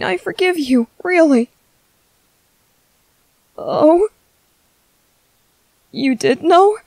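A woman voicing a timid, gentle young man who stammers softly and apologizes, in a whispered role-play. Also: very high voice, no room sound, full character voice, rough recording. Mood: nervous, gentle. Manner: hesitant, stammering, soft-spoken.

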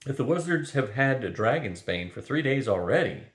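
A man's voice: medium pitch, animated, normal speed, natural voice. An older man reading as Kazul, a wise ailing dragon. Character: ailing old female dragon, calm and wise. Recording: roomy echo.

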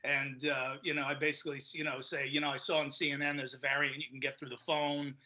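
A man's voice: mid-range voice, level tone, fast talker, sharp tone, rough recording. A man in casual podcast chat as a guest comedian, telling stories animatedly and acting out the quoted voices, often repeating words as he restarts.

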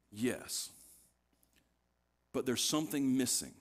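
A man's voice: medium pitch, animated, slow pace, pauses often. Earnest male pastor, casual sermon storytelling. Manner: casual storytelling, acting out the scenes he retells; earnest, pressing his point with repetition. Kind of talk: conversational sermon.

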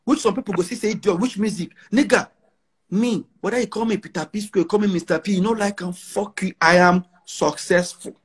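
Brash Nigerian man, husky voice. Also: high voice, a little fast. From northern Nigeria. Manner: brash, defiant, repeats phrases for emphasis. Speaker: interviewee. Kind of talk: boastful interview talk.

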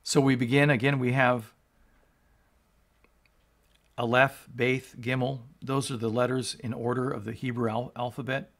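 Gravelly-voiced male pastor teaching scripture. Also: mid-range voice, flat delivery, unhurried, long pauses, fairly bright tone. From United States. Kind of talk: scripture reading and exposition.

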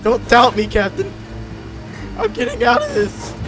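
Excitable swearing young gamer, wildly swinging pitch. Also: male voice, a little slow. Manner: excitable, swearing, laughing a lot. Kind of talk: casual gameplay banter. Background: background music.

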